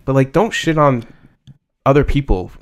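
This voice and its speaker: A man in a loose, casual chat whose voice sits right in the middle of the male range. He speaks in halting bursts, circles back on himself and pads his thoughts with fillers. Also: medium pitch, animated. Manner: halting, many fillers and restarts.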